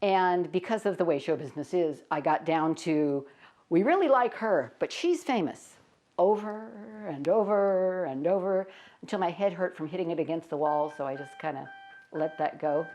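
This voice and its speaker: Older woman, interview guest, low pitch, lively storytelling, frequent laughs. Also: moderate pace. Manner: lively, laughs often while telling stories. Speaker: interview guest, stage performer.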